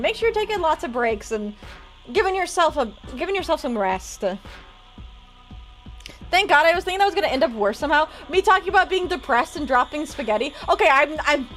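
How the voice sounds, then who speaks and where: A woman streamer chatting casually and rambling while opening trading cards, quick to laugh. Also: very high voice, fairly bright tone. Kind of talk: casual live-stream chat.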